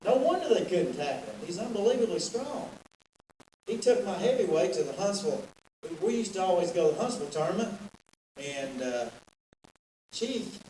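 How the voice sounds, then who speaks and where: A middle-aged man tells rambling, joking stories in a roast speech. His voice sits a little high. He is captured from far off in an echoey banquet hall with steady room noise. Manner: joking storyteller, rambling anecdotes. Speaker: athletic director. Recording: echoey hall, distant and noisy.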